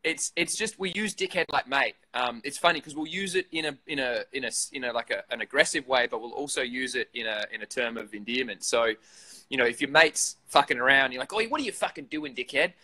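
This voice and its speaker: Bright-voiced sweary Australian bloke. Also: male voice, mid-range voice, fairly quick, low-quality recording. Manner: profane, laid-back, laughs often. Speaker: interview guest, vape reviewer. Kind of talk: casual chat.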